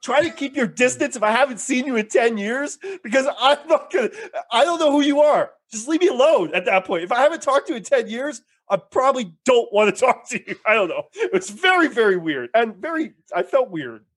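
A man's voice: very high-pitched, big pitch swings, fairly quick, few pauses, husky. A man, a podcast host telling stories animatedly and laughing often in casual chat.

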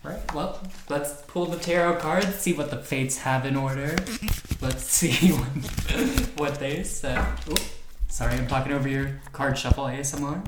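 A man's voice: medium pitch, unhurried. A man co-hosting a casual podcast, talking loosely and emphatically with many like fillers. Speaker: podcast co-host. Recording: echoey room, faint noise.

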